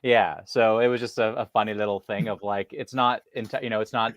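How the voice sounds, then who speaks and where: A man's voice: lowish voice, steady tone, brisk, dry recording. A man co-hosting a casual film discussion, talking with many fillers and restarts. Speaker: podcast co-host.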